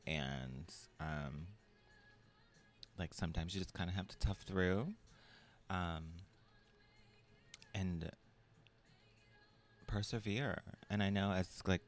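A young man, a podcast guest, chatting casually and telling a personal story with filler words. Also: low voice. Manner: relaxed storytelling, mimics voices in quotes. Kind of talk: casual chat.

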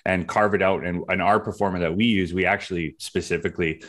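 A man's voice: low-pitched, steady tone, fast talker, a bit bright. A man co-hosting a podcast, giving practical real estate advice in a casual way, often restarting his phrases. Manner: practical, advisory, with frequent restarts.

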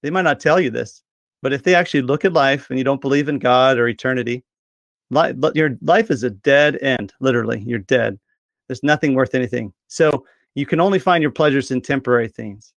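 A man's voice: medium pitch, brisk, vocal fry, dry recording. A man talking about faith in a casual discussion, earnest and appealing to listeners.

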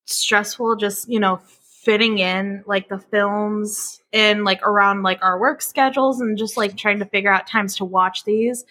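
A woman's voice: mid-range voice, fairly even intonation, unhurried, bright, forceful tone. A young woman co-hosting a podcast in casual chat, playful and giggly, often restarting her sentences. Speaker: podcast co-host.

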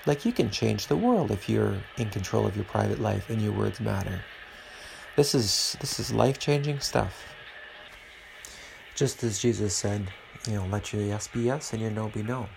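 A man's voice: fairly low pitch, lively intonation, normal speed, gravelly, a little mellow, a little hiss or hum, low-quality recording. A man hosting a podcast alone at home, talking in an earnest, preachy and rambling way. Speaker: podcast host. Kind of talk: casual podcast monologue.

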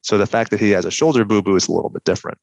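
A young man chatting on a podcast with dry, sardonic deadpan humor. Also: lowish voice, racing, vocal fry, no room sound, dull audio. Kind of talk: casual chat.

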